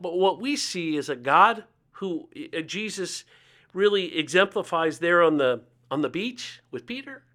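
A man's voice: sits high, lively intonation, normal speed, fairly bright tone. A man in his fifties from Ohio, a guest telling stories in a conversational interview and acting out the voices of the people he quotes. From Ohio, United States. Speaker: guest speaker on faith and poverty.

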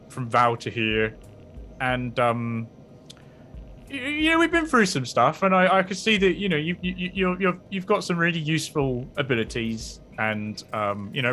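Brief: stammering, awkward machine-minded being, as a man plays him in a tabletop game, bright-toned, pitch jumping all over. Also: animated, slight background noise. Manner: halting, stammering, fumbling for words. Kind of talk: tabletop role-play in character.

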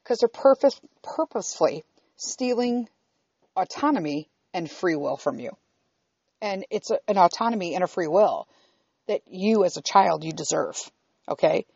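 A woman's voice: fairly low pitch, animated, moderate pace, creaky, a little mellow, breathy edge, dry recording. A middle-aged woman telling a personal story in a blunt, profane, candid way, often checking in with her listeners. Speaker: vlogger. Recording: dull, slightly lo-fi recording.

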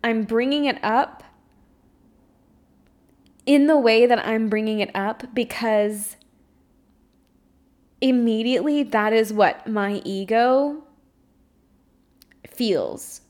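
A woman's voice: on the high side, slow, pauses often, darkish tone. A young woman hosting her own podcast, talking openly and at length about her fears, searching for words and swearing freely. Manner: emotionally open and confessional. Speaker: podcast host and spiritual coach. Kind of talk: candid solo podcast monologue.

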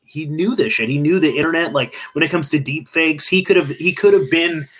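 A man in casual podcast chat, telling stories in a profane, excitable way from home. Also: fairly high pitch, brisk.

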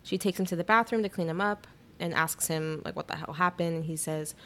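A young woman with a lowish voice casually retells a novel on a chat podcast. She's animated, throwing in quick asides and saying "like" a lot.

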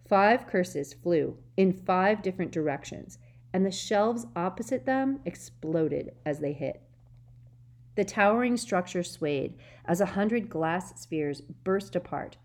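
Woman audiobook narrator, lowish voice, steady and expressive. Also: unhurried.

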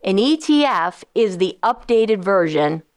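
A woman financial advisor and radio host explaining investments in a casual, animated way, often acting out quoted voices of investors and funds. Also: medium pitch, unhurried. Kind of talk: casual explanatory talk to listeners.

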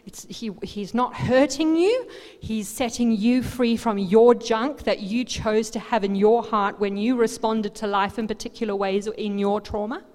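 A woman pastor preaching a sermon, swinging from quiet asides to loud, animated outbursts. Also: fairly high pitch, measured pace, hardly any pauses. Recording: long hall reverb.

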